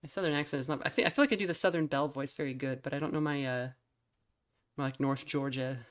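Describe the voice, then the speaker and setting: A woman's voice: extremely low pitch, quick pace. A woman streamer, reading a story game aloud and making casual, chatty asides. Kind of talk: game let's play with narration.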